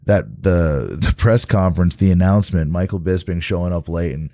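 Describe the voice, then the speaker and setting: A man with a very low, mellow voice hosts a relaxed podcast chat. He rambles a little, trips over and repeats his words, and sounds close and dry in the studio. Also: moderate pace, no echo. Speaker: podcast host. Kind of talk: casual chat.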